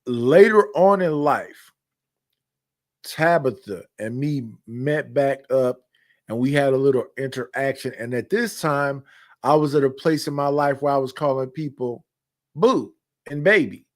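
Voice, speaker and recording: A man's voice: medium pitch, measured pace. A man in his fifties, a podcast host, telling personal stories in blunt, candid casual chat with repetitive phrasing. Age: 50s.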